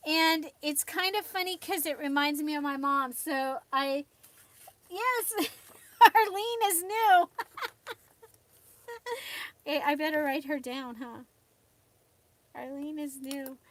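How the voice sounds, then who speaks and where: Chatty high-voiced woman live-streaming crafts. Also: fairly bright tone. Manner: chatty, laughs often, greets viewers by name. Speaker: livestream host. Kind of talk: casual live-stream chat. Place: home craft desk.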